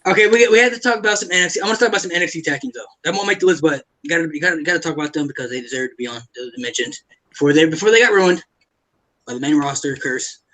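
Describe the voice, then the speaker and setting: A man chatting casually as a podcast co-host, excitable and repeating himself as he tells a story. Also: fairly high pitch, racing. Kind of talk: casual chat.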